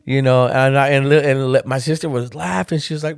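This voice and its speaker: A middle-aged man hosting a podcast, telling personal stories in a candid, casual monologue and getting animated when he quotes others. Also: medium pitch, a little fast, creaky, no room sound, clean studio sound. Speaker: podcast host.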